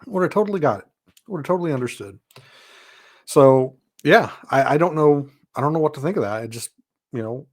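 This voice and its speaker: A man hosting a podcast, talking in a casual, rambling monologue full of "you know" and "uh", frank and a little exasperated. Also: medium pitch. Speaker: podcast host.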